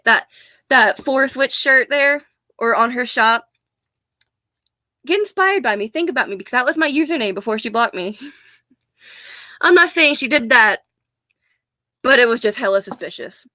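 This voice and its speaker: A woman's voice: fairly high pitch, lively intonation, moderate pace, pauses often, bright, forceful tone, no echo. An American woman ranting in a casual vlog, blunt, profane and sarcastic, often laughing. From United States. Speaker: vlogger.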